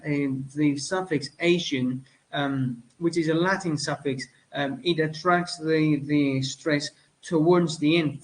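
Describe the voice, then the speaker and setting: Hesitant male teacher, slightly higher voice, frequent fillers. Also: rough recording. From Spain. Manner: hesitant, many fillers and self-corrections. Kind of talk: spoken lecture.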